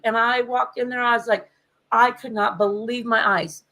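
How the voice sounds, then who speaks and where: A woman's voice: on the high side, fairly even intonation, moderate pace, fairly bright tone, poor audio. A woman on a podcast telling a candid family story in a casual, conversational way, with frequent fillers. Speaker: podcast co-host.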